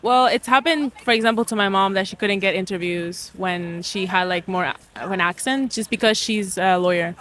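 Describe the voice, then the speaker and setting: A woman's voice: medium pitch, normal speed, hardly any pauses, fairly bright tone. A woman answering a street interview question casually.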